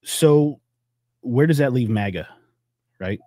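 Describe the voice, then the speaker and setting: A man's voice: animated, slow pace, mellow, dry recording. Man, podcast co-host, casual political chat, rambling, profane, dry close sound. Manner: loose, rambling, profane, acts out quotes in a high voice.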